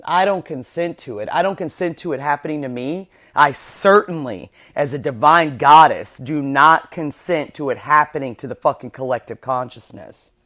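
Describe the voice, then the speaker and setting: A woman's voice: low-pitched, moderate pace, hardly any pauses, a bit bright. A woman hosting a spiritual podcast monologue, talking fervently and self-assuredly, swearing heavily and repeating words for emphasis. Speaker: podcast host.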